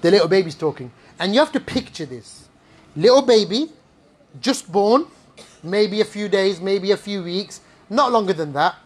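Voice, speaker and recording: A male preacher addresses a gathered audience. His delivery is animated and playful, and he keeps the room with rhetorical questions and quick asides. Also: high voice, breathy edge. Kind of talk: Islamic talk to a live audience.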